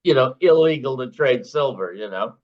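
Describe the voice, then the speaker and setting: A man's voice: mid-range voice, animated, normal speed. Older man from Chicago, chatty storyteller, dull sound. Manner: chatty anecdotal storyteller who acts out his own and others' quoted lines. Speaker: former silver floor trader, guest. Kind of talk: casual interview storytelling.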